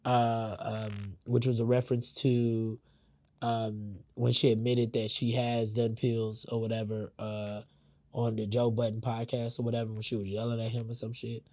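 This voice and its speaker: A man's voice: medium pitch, little pitch movement, moderate pace, a little mellow. A man hosting a podcast, giving heated, profane commentary with lots of fillers. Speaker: podcast host. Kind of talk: casual opinion commentary.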